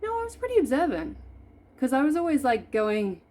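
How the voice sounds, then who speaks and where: A woman's voice: sits high, sing-song, brisk, a little mellow. A woman in her forties chatting through a makeup tutorial at home, playful and self-deprecating. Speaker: makeup vlogger. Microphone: camera in front of her.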